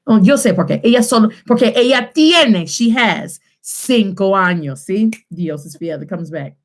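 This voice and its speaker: Animated woman teacher in her thirties. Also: medium pitch, moderate pace, gravelly, husky. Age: 30s. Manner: animated, code-switching between English and Spanish. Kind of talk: online lesson, teaching Spanish phrases. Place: at home.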